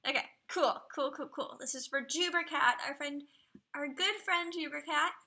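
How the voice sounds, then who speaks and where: A woman chatting casually on a live stream, reviewing viewers' dragons with upbeat, playful commentary and dropping now and then into soft whispers. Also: high-pitched, moderate pace.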